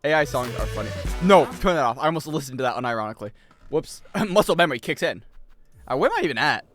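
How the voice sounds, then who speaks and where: A man's voice: medium pitch, animated, fast talker, fairly bright tone, faint music behind. A male streamer rambling and joking casually with his chat while he plays. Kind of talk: casual game-stream chatter.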